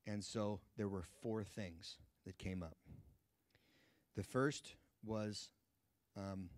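A man in his thirties teaches a church group through a personal story, jumping into the voices of the people in it. His voice sits low, and the sound is dry and close with little room echo. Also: slow. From United States. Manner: lively storyteller acting out dialogue. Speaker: guest Bible teacher. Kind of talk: sermon storytelling.

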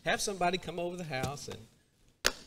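Animated high-voiced male preacher. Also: normal speed, noisy background. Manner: animated, acts out a character's complaints. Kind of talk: sermon. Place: church sanctuary.

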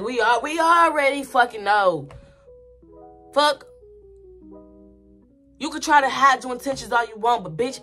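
A woman's voice: mid-range voice, fairly bright tone. A woman vlogger giving spiritual commentary in a blunt, profane, emphatic rant that repeats points over and over. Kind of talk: ranting casual commentary.

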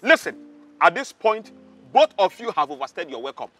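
Guy doing a high-voiced bossy nigerian palace guard, bright, all over the place. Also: big pitch swings, normal speed, faint music behind, full character voice. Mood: taunting. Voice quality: high, bright, shouting and mocking. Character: arrogant loud-mouthed male palace guard. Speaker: palace security chief. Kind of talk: Nollywood drama acting.

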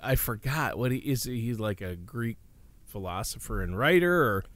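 A man's voice: medium pitch, expressive, normal speed, fairly bright tone, no room sound. A man co-hosting a radio talk show, chatting in an easygoing way with many uh fillers. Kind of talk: casual chat.

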